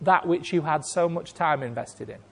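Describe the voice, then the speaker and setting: A man preaching a sermon, telling a story with acted-out voices and big swings between loud and hushed. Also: a little high, moderate pace, gravelly. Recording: long hall reverb.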